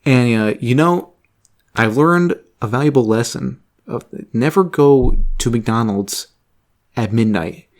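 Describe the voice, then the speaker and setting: Young man, casual storytelling, rambling, laughs and swears, mid-pitched voice. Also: takes it slowly. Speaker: vlogger.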